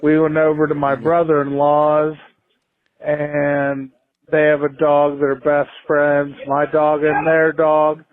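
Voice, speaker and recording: A man's voice: a little high, completely flat delivery, slow, dry recording. A man calling in and rambling a profane story in a voicemail. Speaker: caller. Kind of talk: voicemail message. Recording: tinny phone line.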